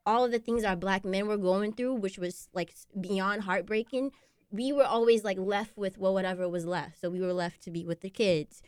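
A woman in her late twenties talks earnestly and with emphasis, pausing to reflect. Her voice is smooth and clear at a mid pitch. The recording is dry and close. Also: fairly even intonation, darkish tone, dry recording. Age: 20s. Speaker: discussion participant. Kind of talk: casual podcast chat.

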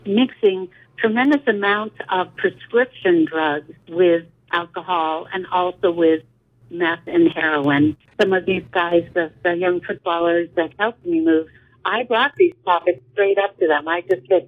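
A middle-aged woman speaks earnestly over a thin, tinny phone line. Her voice is husky and a little breathy. She talks with emphatic, steady conviction. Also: lowish voice, measured pace. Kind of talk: candid conversation.

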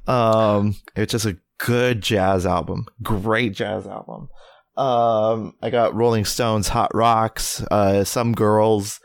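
A man's voice: fairly low pitch, steady tone, slow pace, vocal fry, no room sound, studio quality. A man co-hosting a podcast in casual chat, talking keenly in a rambling way with many ums and uhs. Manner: rambling, hesitant with many fillers; enthusiastic. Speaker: podcast co-host.

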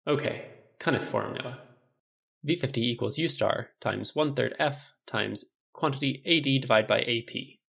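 A man's voice: normal speed, gravelly, fairly bright tone, reverberant, dull audio. A man reading aloud and voicing a weary, brooding engineer who mutters to himself in an audiobook of a story. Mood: brooding, muttering. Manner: muttering, low, self-mocking.

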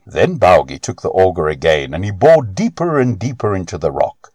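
A man reads a myth aloud as storybook narration, expressive and unhurried. His voice is deep and moves through a lively pitch range. The recording is close and dry. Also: dry recording.

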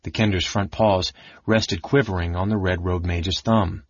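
A man reading a fantasy audiobook as narrator, in an even, measured way. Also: low-pitched, breathy edge, muffled recording. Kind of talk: scripted narration.

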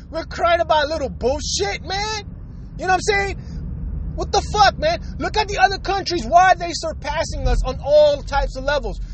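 High-voiced vlogger, furious profane rant, faint traffic behind. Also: poor audio. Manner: angry, emphatic, heavy swearing. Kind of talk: profane ranting monologue.

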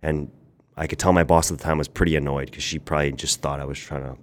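Very deep-voiced man telling his story. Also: flat delivery, fast. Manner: rambling, many "like" fillers. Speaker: podcast guest. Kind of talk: candid storytelling.

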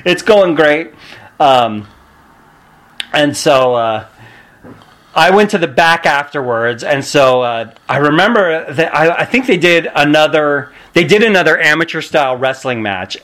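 A man who is a podcast guest and pro wrestler, telling stories in an animated way and acting out the people he quotes. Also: medium pitch. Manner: acts out quotes with loud shouts and shifts. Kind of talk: animated storytelling.

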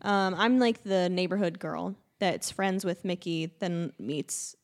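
A woman's voice: lowish voice, a little slow. A woman from Central Illinois, co-hosting a podcast in casual, chatty talk full of fillers. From Central Illinois, USA. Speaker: podcast co-host. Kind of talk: casual chat.

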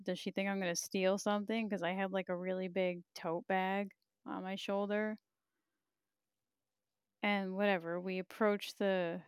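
A woman's voice: mid-range voice, creaky, smooth, no echo, studio quality. A woman hosting a podcast live, chatting casually and candidly, reading viewer comments with frequent laughs and profanity. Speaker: podcast host.

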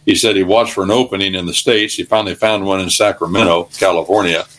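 An older man with a lowish voice speaks as a talk radio guest. He rambles through folksy anecdotes and breaks into sermon-like questions, homespun and unhurried. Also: fairly even intonation, a bit bright.

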